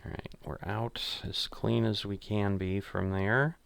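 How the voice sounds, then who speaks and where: Slow, gravelly, very deep man. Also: flat delivery, a bit bright, slight background noise. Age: older. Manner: muttering, self-critical, thinking aloud. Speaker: gamer playing a golf simulator. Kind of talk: casual gameplay commentary.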